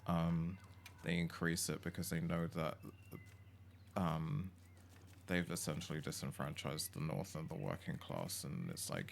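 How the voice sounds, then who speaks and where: A man's voice: extremely low pitch, a little slow, vocal fry, slight background noise. A British man streaming a cozy game, chatting casually and swearing freely while talking to his viewers and his pet. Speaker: livestreamer. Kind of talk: casual chat while gaming.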